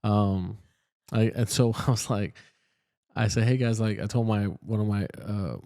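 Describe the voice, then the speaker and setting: A man's voice: on the low side, steady tone, unhurried. A young man, a nurse co-hosting a casual podcast, talking in an easygoing way. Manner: easygoing, many fillers and restarts, hushed asides. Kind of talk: casual chat.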